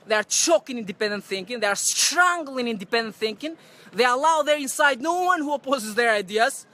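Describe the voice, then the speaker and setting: A man livestreaming to his camera on a city street, ranting loudly and accusingly in non-native English phrasing. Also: extremely high pitch. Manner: loud, accusatory, repetitive ranting. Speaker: activist street vlogger confronting staff. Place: outdoors on a city street by a building entrance. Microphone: handheld camera or phone he speaks into.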